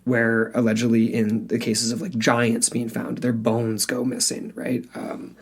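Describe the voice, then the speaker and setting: A man co-hosting a podcast, his voice slightly husky and grainy. He chats casually and teases his co-host, often restarting his sentences as he thinks aloud. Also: medium pitch, monotone, unhurried. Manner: teasing, restarts often, talks things through aloud. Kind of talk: casual chat.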